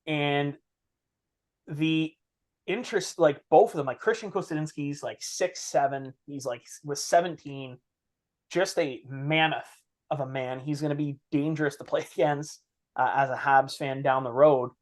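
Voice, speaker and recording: A man's voice: fairly high pitch, normal speed. A man hosting a podcast, telling stories in casual chat and acting out the quotes. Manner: animated storyteller, acts out quotes. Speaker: podcast host.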